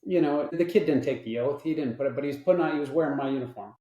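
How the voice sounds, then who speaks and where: A middle-aged man, a guest on an interview show, telling a story in a casual, lively, profane way and acting out the people in it. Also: a little high, rapid-fire, muffled recording. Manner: animated, profane, acts out the people in his stories. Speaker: interview guest, veteran and film technical advisor. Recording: roomy echo.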